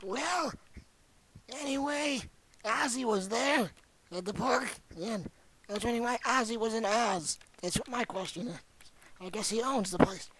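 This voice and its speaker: A young man voicing a boastful, rambling ancient old man who tells a crude, excitable tall tale in an amateur comedy bit. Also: extremely high pitch, unhurried, slight background noise, full character voice, rough recording.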